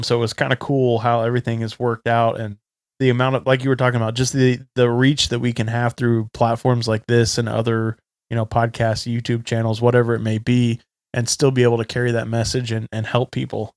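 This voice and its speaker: A man's voice: medium pitch, little pitch movement, a little fast, smooth, no room sound, clean studio sound. A young man hosting a recovery podcast, talking in an earnest, conversational way. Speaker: podcast host. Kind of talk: casual chat.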